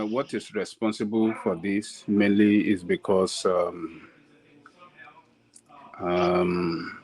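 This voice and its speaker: A man with a Nigerian accent giving casual commentary as a guest, halting with many fillers. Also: on the low side, rough recording.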